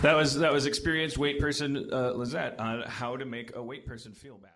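A man hosting a comedy podcast, chatting casually with halting, stammering restarts. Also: mid-range voice, flat delivery, very noisy. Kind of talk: casual chat.

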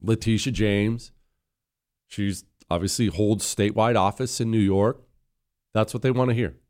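A man's voice: fairly low pitch, fairly even intonation, unhurried, a little mellow, clear, resonant tone. Scornful male political commentator. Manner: scornful, emphatic, sarcastic. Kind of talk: opinion commentary.

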